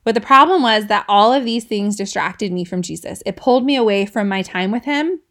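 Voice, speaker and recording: A woman's voice: medium pitch, a little fast, fairly bright tone. A woman in her thirties hosting a casual devotional podcast, chatty and laughing often, checking in with listeners as she teaches. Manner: chatty, asks listeners "right?", laughs between points. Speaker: podcast host.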